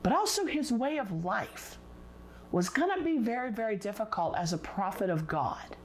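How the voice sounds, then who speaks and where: A woman teaching a recorded Bible lesson, expressive and deliberate, leaning on words for dramatic emphasis. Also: medium pitch, a little hiss or hum.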